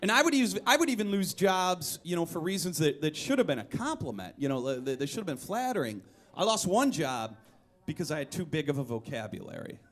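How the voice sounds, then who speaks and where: Animated self-mocking male storyteller, fairly high. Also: a little fast. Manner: animated, self-deprecating, builds to loud punchlines. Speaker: comedic storyteller. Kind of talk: one-man show storytelling. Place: live performance venue.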